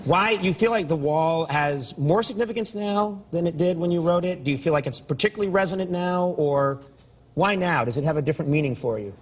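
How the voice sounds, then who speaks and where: A man's voice: fairly high pitch, fairly quick. A man hosting a late-night talk show in a television studio, asking questions with joking, self-mocking banter. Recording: studio audience and noise behind.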